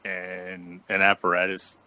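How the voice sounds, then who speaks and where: A fairly low male voice spinning a long anecdote on a casual podcast. He fills in the quotes with sudden high leaps and keeps the telling loose and chatty. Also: measured pace, dry recording. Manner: animated storyteller, acts out quotes with jumps in pitch. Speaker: podcast co-host. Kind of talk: casual storytelling chat.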